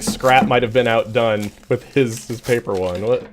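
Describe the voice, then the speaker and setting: A man hosting a casual live stream, chatting and greeting viewers by name, his voice a little rough. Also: mid-range voice, moderate pace, background noise. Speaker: channel host.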